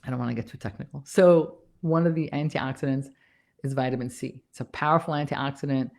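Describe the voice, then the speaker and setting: A woman's voice: very deep voice, steady tone, a little fast, gravelly, darkish tone. A woman nurse practitioner giving a casual health talk, emphatic and repeating key points, a little out of breath. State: slightly out of breath.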